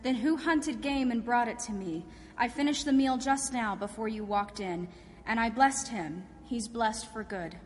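A woman's voice: on the high side, a little hiss or hum, natural voice. Isaac, a woman reading an old solemn father. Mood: distressed. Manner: solemn, measured. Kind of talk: dramatic scripture reading. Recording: reverberant church hall.

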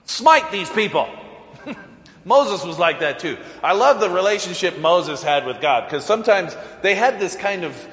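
Guy pastor preaching, chuckles a lot, acts out the quotes, fairly high voice, big echoey church. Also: normal speed. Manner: animated, chuckling storyteller who acts out quotes. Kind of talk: sermon. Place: church sanctuary.

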